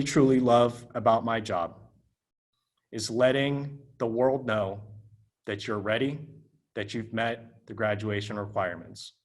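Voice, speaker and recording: A man at a mid-range pitch speaks as a school principal. He sounds earnest and measured, giving formal remarks at a graduation ceremony.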